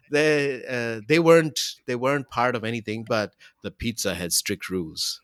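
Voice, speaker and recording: A man's voice: medium pitch, measured pace, clean tone, no room sound, clean studio sound. A man co-hosting a casual podcast from home over a call, joking, laughing and swearing as he chats. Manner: swearing, laughing, jokey banter. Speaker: podcast co-host. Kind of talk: casual chat.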